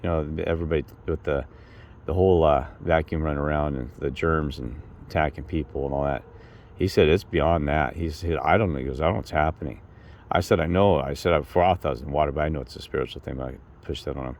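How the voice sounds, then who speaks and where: A man's voice: extremely low pitch, quick pace, darkish tone. A man talking in a rambling, emotional monologue, often repeating himself and raising his voice to quote people. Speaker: vlogger.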